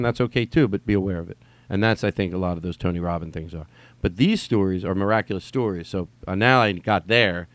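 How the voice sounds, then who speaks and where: A man's voice: lowish voice, dry recording. A man hosting a solo podcast from home, rambling and swearing, often restarting his sentences. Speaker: podcast host. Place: at home during quarantine.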